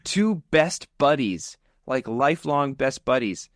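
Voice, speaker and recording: A man co-hosting a podcast, telling a story with lively, acted-out energy. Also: mid-range voice, slow, no echo, clean studio sound. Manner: animated storyteller, acts out scenes. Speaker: podcast co-host. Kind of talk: casual podcast chat.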